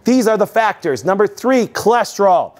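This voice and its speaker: A man's voice: high voice, big pitch swings, normal speed, a little mellow. A middle-aged man hosting a health talk, preaching emphatically and firing rhetorical questions at his audience. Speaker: host.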